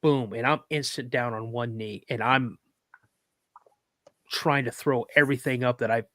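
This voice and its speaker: A man in a casual podcast conversation, telling a story with lively energy, his voice lifting sharply whenever he quotes someone. His pitch sits in a middle range for a man. The recording is dry and close, with almost no room around him, and now and then he sounds close to tears. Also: normal speed, dry recording. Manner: animated, acts out quoted dialogue in a raised voice; fighting back tears at moments. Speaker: podcast guest.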